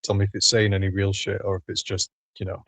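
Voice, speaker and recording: Dude on a stream panel, lowish voice, blunt and teasing, swears, dry sound. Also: male voice, completely flat delivery, quick pace, a bit bright, no echo. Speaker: panel co-host. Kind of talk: casual panel chat.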